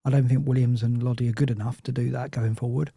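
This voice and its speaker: A Nottingham Forest fan guest on a football podcast talks fast in a medium, level voice that's warm and husky with some vocal fry. He rambles casually, cutting himself off and restarting sentences again and again. The studio-quality recording has no echo.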